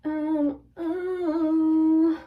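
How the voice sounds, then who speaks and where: A woman's voice: extremely high pitch, flat delivery, very slow, recorded from a distance, narrow, tinny audio. A 17-year-old girl vlogging as she cuts her own hair, talking in a chatty, flustered, self-mocking way full of "like". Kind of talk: casual chat while cutting her own hair. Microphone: phone camera.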